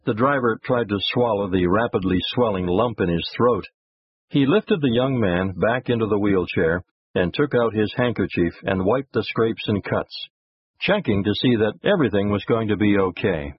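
A man narrating a moral story in an expressive storytelling manner. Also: on the low side, normal speed, breathy edge, no room sound. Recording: dull lo-fi recording.

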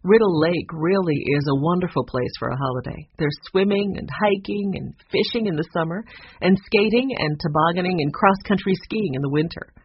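A narrator voicing a kindly older housekeeper, gentle and worried, with a soft, fretful way of talking. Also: medium pitch, normal speed, husky, no room sound. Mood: reminiscing. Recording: dull lo-fi recording.

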